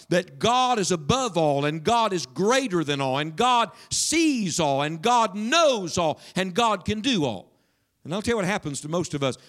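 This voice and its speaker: High-voiced preacher addressing his congregation. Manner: emphatic preaching with sudden drops to a hush; speaks directly to the congregation with questions. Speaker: pastor. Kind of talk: sermon. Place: church sanctuary with congregation.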